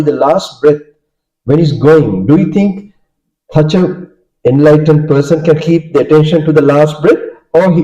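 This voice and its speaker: A Sri Lankan monk whose first language is Sinhala gives a dharma talk, his male voice a little high yet very dark. He poses questions to listeners and keeps checking they follow with frequent "okay?" and "right?", all on a dull lo-fi recording.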